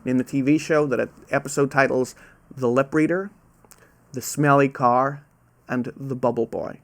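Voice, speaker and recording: A quizmaster with a mid-range voice and steady tone hosts a live trivia quiz online from his home webcam. He's casual and pokes fun at himself, reads each question a second time slowly, and struggles to pronounce "ow" sounds.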